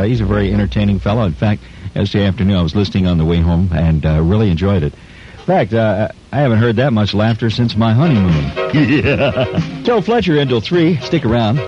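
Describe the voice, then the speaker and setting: A man working as a radio DJ, cracking folksy jokes between songs on a muffled radio broadcast with music underneath. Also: fairly low pitch. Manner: wisecracking, folksy. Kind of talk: joking radio DJ patter.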